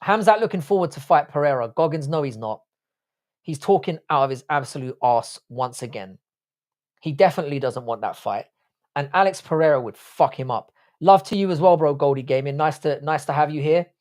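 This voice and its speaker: A man's voice: a little high, animated, fairly quick, darkish tone. A young man, Irish by birth and raised in London, hosting a casual livestream, reading out chat comments and giving blunt, profane opinions. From Ireland. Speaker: livestream host.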